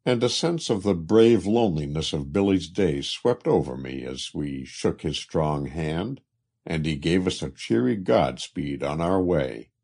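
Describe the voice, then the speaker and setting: Deep, slow, husky male storyteller. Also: a little mellow. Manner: measured, literary. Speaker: narrator. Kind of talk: storybook narration.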